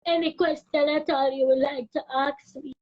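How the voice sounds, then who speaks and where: Lady on a phone livestream, high voice, dull lo-fi audio, chatty n scattered. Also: fairly even intonation, moderate pace. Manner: chatty, laughing at herself, distracted. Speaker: live streamer. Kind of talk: casual live stream chat.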